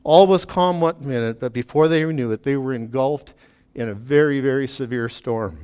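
A man's voice: mid-range voice, moderate pace, mellow, smooth. A man, a pastor, giving an earnest sermon with emphatic, repeated pleading questions to his congregation.

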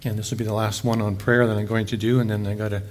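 A man's voice: fairly low pitch, little pitch movement, fast. A middle-aged man giving a casual, folksy sermon as pastor, chatty and fond of saying "eh.".

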